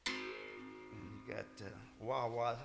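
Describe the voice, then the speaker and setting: An older man, a folk musician, talking casually and haltingly at a music gathering, with many fillers and restarts. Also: medium pitch, flat delivery, creaky. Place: music festival stage, roomy hall. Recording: roomy hall with instrument playing.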